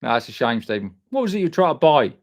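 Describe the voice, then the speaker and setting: Gravelly bloke chatting live. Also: male voice, medium pitch, very animated, fast talker. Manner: loose, sweary and matey, answering chat by name. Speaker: live stream host reading viewer comments. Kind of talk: casual live chat.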